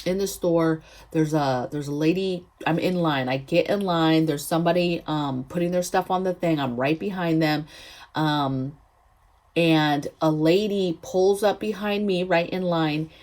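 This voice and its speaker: A woman's voice: sits low, unhurried, a little mellow. A woman hosting a prepping vlog, telling a story in a chatty, emphatic way, often checking in with her viewers. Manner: chatty, emphatic, frequent "okay?" asides. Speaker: prepping channel host.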